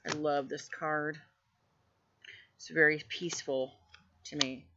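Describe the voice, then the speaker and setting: A woman casually showing off her tarot decks, gushing with effusive praise and sometimes dropping to a hushed voice. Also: low-pitched, flat delivery, slow, muffled recording, heavy background noise. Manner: drops to a hushed voice at times. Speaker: tarot deck reviewer. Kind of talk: casual show-and-tell vlog.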